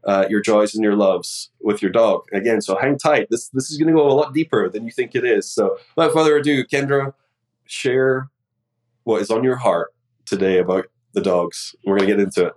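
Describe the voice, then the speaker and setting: A man's voice: lowish voice, moderate pace, darkish tone, poor audio. A man hosting a podcast from a remote session who sounds a little under the weather and introduces guests earnestly, with many fillers. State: slightly sick. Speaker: podcast host. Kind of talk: casual interview intro. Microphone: remote recording.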